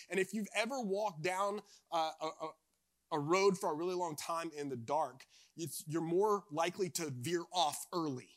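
A man's voice: a little high, no echo, clean studio sound. A young adult man from eastern North Carolina preaching a sermon, moving from earnest exhortation to a chatty, self-mocking personal story. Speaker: pastor.

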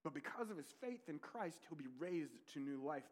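High-voiced preaching man. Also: animated, moderate pace. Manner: earnest preaching, rising to emphatic peaks and dropping to quiet intensity; conversational asides with rhetorical questions. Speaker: pastor. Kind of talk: sermon.

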